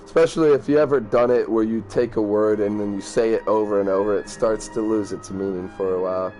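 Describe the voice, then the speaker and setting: A man's voice: lowish voice, fairly even intonation, fairly quick, warm tone, soft background music. A man casually commenting on a game he plays, reading its lines aloud, rambling, swearing and stumbling over hard words. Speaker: let's play gamer.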